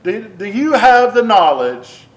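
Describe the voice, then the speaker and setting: A man's voice: sits high, big pitch swings, slow. A man preaching a sermon, earnest, with repeats and restarts that build into emphatic bursts. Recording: echoey room.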